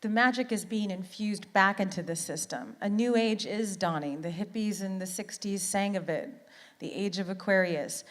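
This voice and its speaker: Speaking at medium pitch and a moderate pace, a middle-aged woman from Canada delivers an earnest, heartfelt motivational conference talk. The sound carries the size of a big room, and she frequently repeats words to stress them.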